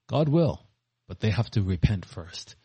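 A man's voice: on the low side, very animated, unhurried, dark tone, slightly rough. A man preaching a sermon, reading scripture aloud with rising force between plainer commentary.

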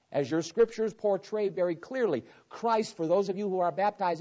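Guy preaching a sermon, reads verses then explains them, kinda high voice. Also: moderate pace, hardly any pauses. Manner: animated preaching, reads scripture aloud and explains it. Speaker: pastor. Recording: dull lo-fi sermon recording.

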